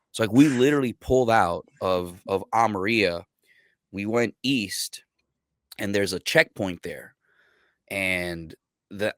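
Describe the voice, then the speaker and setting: A man who is a military veteran, guest on a podcast, telling stories in a casual, profane, animated way and acting out what others said. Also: lowish voice, no echo, studio quality. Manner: profane, animated storyteller who acts out quotes. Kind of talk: casual storytelling.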